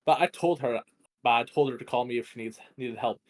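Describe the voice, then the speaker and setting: A man's voice: mid-range voice, fairly quick, a little mellow, lightly acted. A man reading the lines of a frightened young woman desperate to help a friend. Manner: desperate, pleading.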